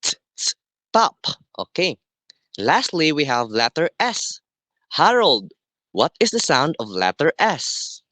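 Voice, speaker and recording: A man teaching a class, explaining slowly and deliberately and often checking in with "okay". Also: fairly high pitch, very animated, a bit bright, no echo. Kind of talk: classroom lesson.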